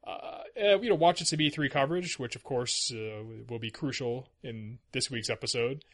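Podcast host, male, bright forward tone, wry and chatty. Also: mid-range voice, moderate pace. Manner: chatty, wry, laughs easily. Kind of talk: casual chat.

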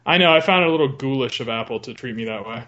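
Man, podcast co-host, wry and rambling, mid pitch, dull muffled audio. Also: lively intonation, rapid-fire, bright, forceful tone. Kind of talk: casual chat among friends.

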